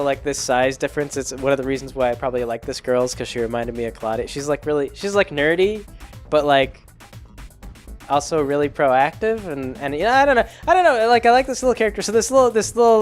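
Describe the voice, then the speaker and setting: Casual young guy, pretty high voice, rambly recap with tons of fillers. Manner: rambling, lots of fillers and self-corrections. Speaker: podcast host. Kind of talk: casual movie recap monologue.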